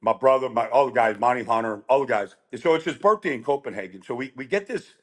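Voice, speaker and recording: A middle-aged man telling animated, rambling stories as a guest on a chat show. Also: mid-range voice, fast. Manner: animated, rambling with restarts and quoted voices. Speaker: guest storyteller. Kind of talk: casual storytelling chat.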